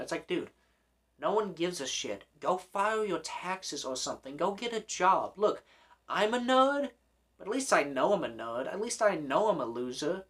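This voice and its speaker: A man's voice: sits high, very animated, measured pace, sharp tone. A young man hosting a commentary vlog, ranting in an exasperated, sarcastic way with plenty of swearing. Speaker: host.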